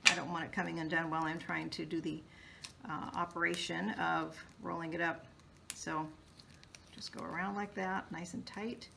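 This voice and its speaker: Chatty woman with a gravelly, bright voice. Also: on the low side, little pitch movement, moderate pace, slight background noise. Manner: chatty and homey, thinking aloud with fillers. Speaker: crafts tutorial host. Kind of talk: casual step-by-step craft demonstration.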